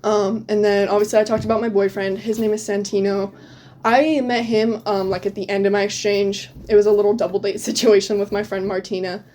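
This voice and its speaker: A teenage girl, a returned exchange student, is a guest in an interview and chats casually about her exchange year. Her medium-pitched voice is level and a little mellow, a touch fast, full of "um" and "like," with frequent laughter and a little hiss or hum on the recording.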